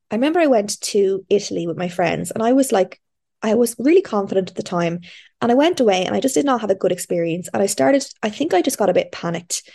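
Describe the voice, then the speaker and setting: A woman's voice: medium pitch, a little mellow. A woman, hosting a podcast and telling a personal story in candid, chatty casual talk. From Ireland. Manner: candid, chatty storytelling with frequent fillers and restarts. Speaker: podcast host. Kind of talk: casual interview chat.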